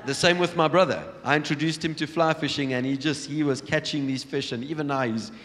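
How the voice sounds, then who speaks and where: A man preaching a sermon, telling Bible stories with lively acted-out scenes and frequent restarts. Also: fairly high pitch, fairly quick. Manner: storytelling, acting out Bible scenes, many restarts. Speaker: pastor. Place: large church hall. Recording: long church hall reverb.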